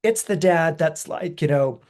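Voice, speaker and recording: Going a little slowly, a man on a podcast gives a lively explanation of astrology, chuckling regularly and impersonating quoted voices with wide jumps in pitch.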